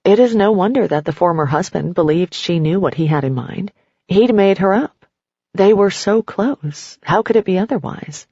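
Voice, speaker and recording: Woman narrator, steady second-person storytelling, gravelly husky voice, dull lo-fi dry recording. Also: lowish voice, moderate pace, no echo. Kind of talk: nonfiction audiobook reading.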